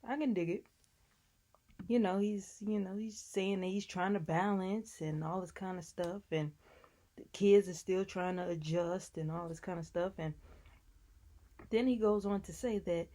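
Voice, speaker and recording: A woman's voice: fairly low pitch, mellow. A woman casually recapping a TV episode in a chatty, sassy way, talking back to the people on the show. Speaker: TV recap vlogger.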